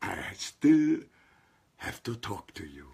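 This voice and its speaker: A male preacher delivering a sermon at a very unhurried pace, leaning hard on single words and calling his listeners to answer. His voice is husky, and his pitch leaps high and drops low. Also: very animated, dark tone. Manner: emphatic, calls on listeners to respond; stretches and stresses single words.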